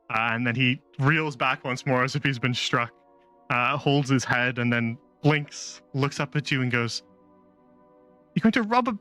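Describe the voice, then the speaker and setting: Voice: medium pitch, pushed and bright, smooth. A game master narrating a tabletop game in a loose style, with lots of fillers and likes.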